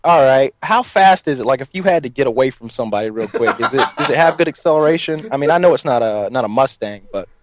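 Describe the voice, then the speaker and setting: Sly fast-talking male prank caller. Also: mid-range voice, noisy background. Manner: sly, deadpan, teasing. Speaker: prank call host. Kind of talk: prank phone call.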